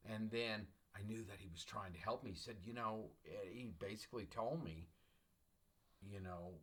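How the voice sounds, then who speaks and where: A middle-aged man, a college English professor, lecturing an online class in an emphatic, repetitive, motivational way and clearing his throat often. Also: lowish voice, normal speed, a bit bright.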